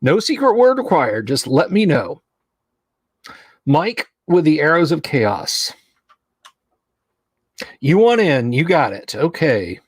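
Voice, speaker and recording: A chatty man hosting a casual livestream, his voice sitting a bit high for a man. He reads viewer names aloud and laughs easily, recorded dry and close with no room sound. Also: sing-song, slow pace, long pauses, husky, no echo. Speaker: livestream host.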